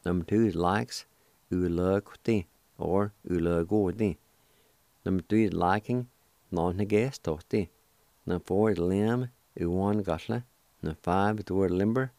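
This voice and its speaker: A deep, mellow-voiced man teaches words slowly, breaking each into syllables and repeating them patiently. He sounds reassuring and unhurried. The sound is dry and close, like a small studio. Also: no room sound. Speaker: radio host teaching language. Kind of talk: slow word-by-word pronunciation lesson.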